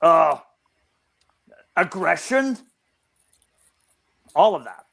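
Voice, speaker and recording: A man's voice: on the high side, very animated, very slow, creaky, fairly bright tone. An older man, a researcher guest in an interview, explaining at length and often restarting his phrases.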